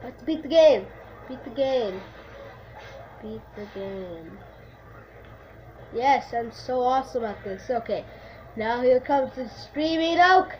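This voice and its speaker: Excitable young woman gaming, high-pitched. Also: slow, long pauses, slight background noise. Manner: excitable, talks to herself, sudden shrieks. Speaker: gamer. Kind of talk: let's play commentary. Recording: slightly dull lo-fi recording.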